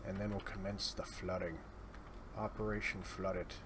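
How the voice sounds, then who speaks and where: A man's voice: deep voice, little pitch movement, moderate pace, noisy background. A man giving casual, sardonic gameplay commentary, muttering his way through lists of items. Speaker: let's play host. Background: keyboard typing.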